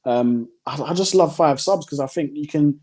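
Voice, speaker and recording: A man's voice: fairly high pitch, normal speed, a little mellow. A man co-hosting a casual football chat, hesitant with many ums. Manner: hesitant, lots of ums, laughs easily. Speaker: co-host.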